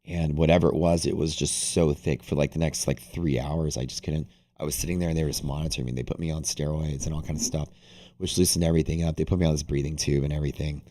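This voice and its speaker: Very deep-voiced man telling a rambling story. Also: quick pace. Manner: rambling, animated, heavy use of "like". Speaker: day-trading livestream host. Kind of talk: casual storytelling to a live audience.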